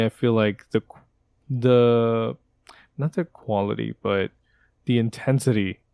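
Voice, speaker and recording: A man's voice: fairly low pitch, gravelly, darkish tone, dry recording. A man co-hosting a football podcast in casual chat, thoughtful, searching for words and correcting himself. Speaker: podcast co-host.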